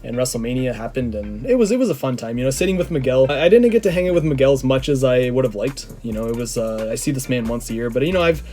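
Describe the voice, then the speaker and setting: A slightly hoarse man telling a story in a casual, rambling way, with many "like" fillers. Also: mid-range voice, animated, fast, few pauses, mellow, soft background music. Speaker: vlogger.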